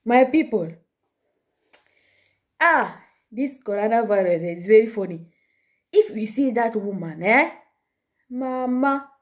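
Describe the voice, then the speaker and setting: A woman vlogger telling a story to her viewers in broken English, chatty and amused, laughing often. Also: a little high.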